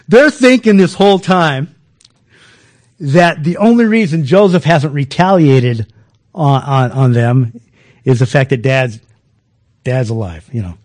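A man's voice: mid-range voice, slow, long pauses, a little mellow. A man preaching in a folksy conversational way, chuckling often and restarting his sentences. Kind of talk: conversational sermon.

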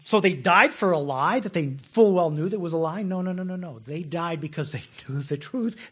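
A man preaching a sermon, folksy and animated, with repeated words and frequent chuckles. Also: on the high side, moderate pace, few pauses, husky.

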